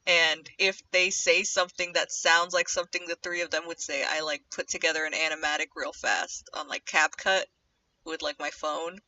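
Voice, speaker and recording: A young woman with a sharp, tense voice chats in a rambling way on a livestream as she works on an animation. She keeps slipping into low muttering to herself. The sound is dull and lo-fi, with the mic set a little away from her. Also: steady tone, moderate pace, far from the mic. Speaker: streamer animating live. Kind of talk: casual livestream chat while drawing.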